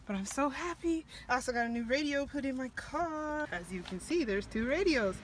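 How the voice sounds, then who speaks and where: A woman's voice: high-pitched, lively intonation, moderate pace, a little hiss or hum. A young adult woman vlogging in a bubbly, chatty way, full of "like" and "y'all" as she talks to viewers. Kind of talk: casual vlog chat. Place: in and around a car, out and about shopping.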